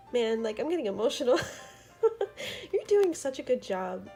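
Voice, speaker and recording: Young woman tarot reader, casual and heartfelt, filler-heavy, light laughs, faint music underneath. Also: mid-range voice. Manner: chatty and earnest, many fillers and soft laughs. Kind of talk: casual tarot reading vlog.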